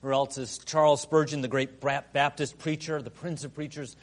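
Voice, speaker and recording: A middle-aged man preaching a sermon to his congregation, moving between quiet, conversational asides and loud, emphatic proclamation. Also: on the high side, little pitch movement, moderate pace. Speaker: pastor.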